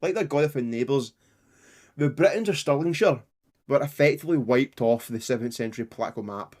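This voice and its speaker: A man's voice: medium pitch, brisk, a little mellow. A man co-hosting a history podcast, chatting casually, rambling and often laughing. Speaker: podcast co-host.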